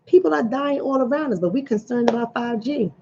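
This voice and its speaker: A woman from the New York and New Jersey area with that accent, hosting a casual livestream as a relationship coach and reading out viewer comments in an animated storytelling manner. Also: a little high, fairly quick, background noise. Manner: animated storytelling, acts out quoted voices. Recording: dull lo-fi audio.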